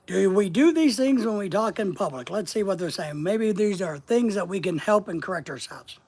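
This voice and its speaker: A man's voice: high voice, expressive, moderate pace, darkish tone. A man hosting a live stream, reading a book aloud and commenting on it, stressing key words in a reflective, emphatic way.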